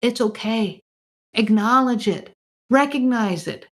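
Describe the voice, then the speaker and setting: A woman's voice: on the high side, takes it slowly. A woman hosting a podcast, talking earnestly and directly to her listeners, asking them questions and often repeating phrases. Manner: direct, emphatic, asks listeners many questions. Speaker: podcast host.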